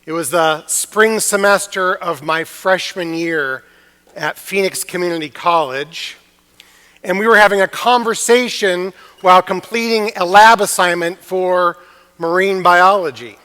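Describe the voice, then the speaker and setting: A man preaching a chapel sermon, telling a story earnestly with emphatic pauses. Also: sits high, sharp tone, clean tone. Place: university chapel. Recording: long reverb of a chapel.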